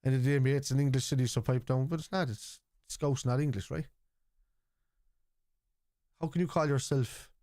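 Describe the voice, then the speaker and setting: A man's voice: mid-range voice, mellow, dry recording, studio quality. An Irish man hosting a live football watchalong stream, arguing at length with viewers in the chat in a rambling, lecturing way. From Ireland. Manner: argumentative, rambling lecture with many restarts.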